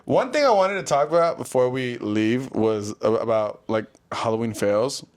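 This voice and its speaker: A young man co-hosting a podcast, chatting casually and rambling through loose, animated stories. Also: mid-range voice, normal speed, clean tone. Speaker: podcast co-host. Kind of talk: casual chat.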